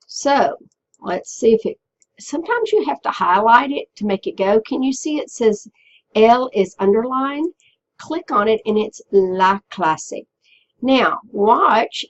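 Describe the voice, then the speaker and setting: A woman teacher walking students through a software tutorial step by step, patiently checking in with them as she goes. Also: fairly high pitch, lo-fi sound, slight background noise. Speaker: Spanish teacher. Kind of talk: screen-recorded software tutorial.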